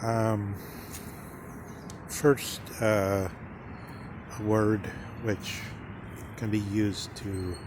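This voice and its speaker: A man giving a slow, halting philosophical monologue, full of pauses and fillers. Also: lowish voice, little pitch movement, noisy background. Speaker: speaker on philosophy.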